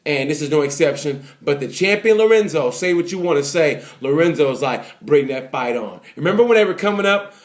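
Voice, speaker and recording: Male vlogger, fairly high voice, casual race recap, lively then hushed, phone-mic feel. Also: brisk. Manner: animated, swings from excited to subdued, many fillers. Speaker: motorsport commentator. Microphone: phone or camera mic.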